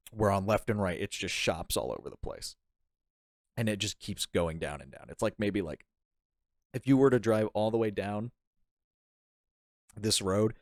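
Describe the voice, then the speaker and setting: In a clean, echo-free studio recording, a young podcast guest with a fairly low voice spins a rambling, animated story in casual conversation. He laughs often and performs the lines people said.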